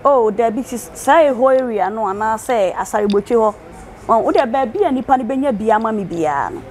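A woman with a Ghanaian accent, a prophetess answering interview questions in a relaxed conversational way, mixing in English words. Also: a little high, fairly quick. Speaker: prophetess guest.

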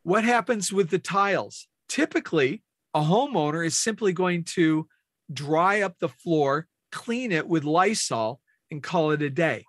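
A man's voice: fairly high pitch, animated, measured pace, no room sound, studio quality. A man leading a team training meeting, explaining step by step and asking questions of the room.

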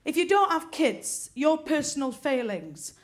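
High-voiced woman doing stand-up. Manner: deadpan punchlines, quick character voices. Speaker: stand-up comedian. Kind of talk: stand-up comedy routine. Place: comedy venue with live audience. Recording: live audience laughter, stage mic.

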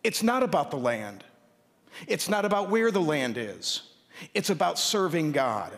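Pastor preaching in a reverberant hall. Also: male voice, mid-range voice. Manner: animated, reads scripture aloud with asides. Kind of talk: sermon.

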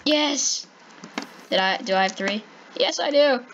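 A chatty, excitable woman narrates her own gameplay, calling out to animals in sing-song baby talk. Her voice sits a little on the high side. A faint hiss runs under the recording. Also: unhurried, muffled recording. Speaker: gaming channel host. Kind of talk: playful gameplay commentary.

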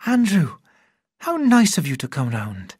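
A gentle young female schoolteacher, as the story's reader puts her on speaks softly and quietly. The tone is slightly husky and slow, and it sounds dry. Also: medium pitch, wildly swooping pitch, no room sound, voice pushed up, exaggerated voice. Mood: tender. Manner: soft and quiet.

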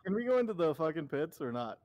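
A man's voice: a little high, big pitch swings, fast, muffled recording, slight background noise. A man racing with friends on a voice call, chatting casually, exasperated and profane and laughing often. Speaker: sim racer on a voice call. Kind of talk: casual chat over voice call.

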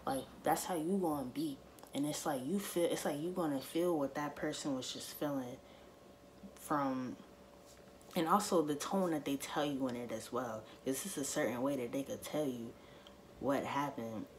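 A woman's voice: very deep voice, moderate pace, a little hiss or hum. A woman vlogger in a casual to-camera monologue, speaking emphatically and repeating her points straight to her viewers.

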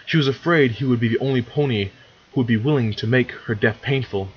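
Over a muffled recording with a little hiss or hum, a medium-pitched man reads fan fiction aloud fairly quickly in a casual read-along. He trips over words, fixes his mistakes as he goes, and chats in between.

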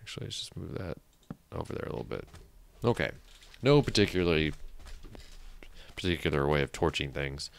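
Gaming host, male, deep with a creaky edge, rambles and mutters to himself. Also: expressive, brisk, a little hiss or hum. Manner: chatty, thinks aloud, mutters counts under his breath. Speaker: let's play host. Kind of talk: casual gameplay commentary.

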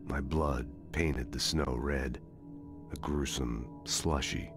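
An actor playing a weary hard-boiled detective narrating a grim noir monologue in a video game. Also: male voice, a bass voice, fairly even intonation, slow pace, over music.

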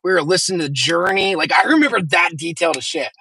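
A man in his thirties telling a long story in a casual chat, animated and full of swearing. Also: sits high, fast, gravelly, a little hiss or hum. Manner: animated, profane, rambling.

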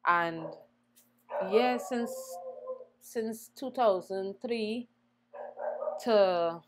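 A young woman singer, a guest in an interview, telling her story in an animated way and acting out the voices she quotes. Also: mid-range voice, drawn-out words, background noise. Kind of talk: conversational storytelling.

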